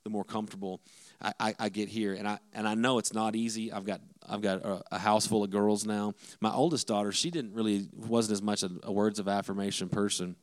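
A man's voice: fairly low pitch, level tone, fairly quick. A middle-aged man, a pastor, giving a conversational sermon-style talk on marriage to the men, with frequent restarts.

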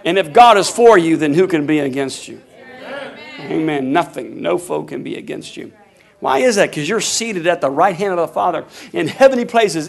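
A man preaching a sermon in a high voice. He shifts between quick talk and loud, drawn-out calls, and asks the congregation to answer him. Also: creaky. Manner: preaching with sudden loud bursts; call-and-response with the congregation. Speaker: pastor.

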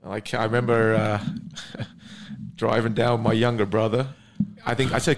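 A man from England with an English accent, a guest on a podcast, telling stories about his past in a relaxed, modest way. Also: fairly low pitch, unhurried, vocal fry. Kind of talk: casual interview chat.

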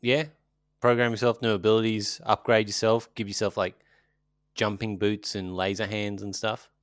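Aussie guy on a podcast, lowish voice, dry close sound, rambly and jokey. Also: little pitch movement, moderate pace, clear, resonant tone, no echo. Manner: rambling, jokey, trails off mid-sentence. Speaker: podcast co-host. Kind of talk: casual chat.

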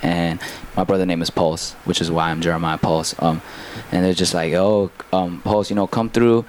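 A man's voice: low-pitched, steady tone, normal speed, slight background noise. A man, a musician guest, telling stories casually with many fillers and restarts. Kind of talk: casual storytelling.

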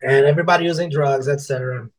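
A man's voice: medium pitch, rapid-fire, low-quality recording. A man being interviewed on a podcast about his life as an author, telling stories casually in loose, rambling sentences, swearing freely and acting out what other people said. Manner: animated, swears freely, acts out quotes of coworkers and customers; loose, rambling phrasing with restarts.

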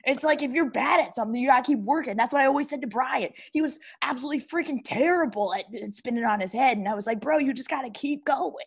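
A woman's voice: high voice, fast, creaky, hardly any pauses, husky, exaggerated voice. Woman playing a cocky teenage boy breakdancer. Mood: boastful. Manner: slangy, boastful, calls people bro. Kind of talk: improv comedy interview.

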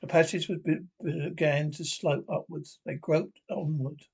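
A man's voice: a little high, fairly even intonation, measured pace, creaky, breathy edge, poor audio. A man reading a classic children's story aloud, with frequent slips and restarts. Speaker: reader.

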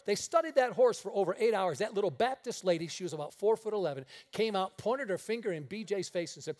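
A man preaching a sermon on a radio broadcast, telling stories and acting out the dialogue with lively energy. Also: sits high, fast, few pauses. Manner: animated storyteller acting out dialogue. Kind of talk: sermon storytelling.

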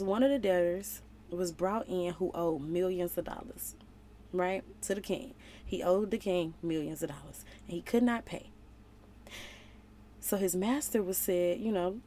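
Warm-voiced woman in playful Bible chat. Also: medium pitch, slight background noise. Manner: playful, slangy and animated. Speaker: relationship vlogger. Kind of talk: casual Bible study talk.

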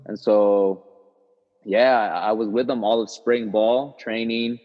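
A young man with a fairly low voice tells a personal story in a relaxed interview, wandering through fillers and restarts as he talks. The audio sounds roomy with a long reverb tail and a slightly dull, muffled top end. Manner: loose, halting storytelling with many fillers and restarts. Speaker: guest, former college soccer player.

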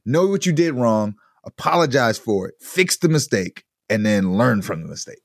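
A man in his thirties co-hosting a casual podcast chat, animated and rambling, laughing often. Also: mid-range voice, normal speed, vocal fry, no echo, clean studio sound. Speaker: podcast co-host.

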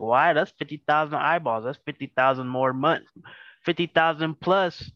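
A man hosting a casual podcast over a video call, talking in a relaxed, stuttery way with lots of fillers. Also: fairly high pitch, moderate pace, dry recording, highs cut off. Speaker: podcast host. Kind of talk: casual chat.

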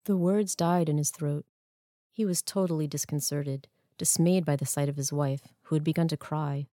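Woman narrator, low voice, mellow tone, measured scripted narration. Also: no echo. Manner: measured, even storytelling. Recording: dry close studio sound.

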